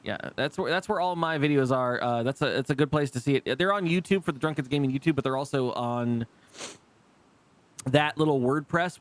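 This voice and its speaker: A man streaming live, talking casually to his chat, rambling with frequent restarts, swearing freely and laughing easily. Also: medium pitch. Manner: rambling, lots of restarts and fillers. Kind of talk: casual live gameplay commentary.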